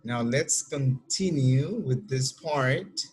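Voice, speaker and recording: Dominican male English teacher, slow and husky, patient, models each answer. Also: mid-range voice. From Dominican Republic. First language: Spanish. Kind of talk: classroom lesson explanation.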